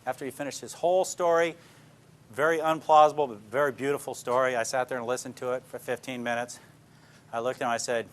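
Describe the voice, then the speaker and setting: A man's voice: medium pitch, steady tone, fast talker, a little hiss or hum. An older man, a police detective, giving an informal talk to a live audience, plainspoken and full of anecdotes that he checks in on with his listeners. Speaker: police detective speaking to a class.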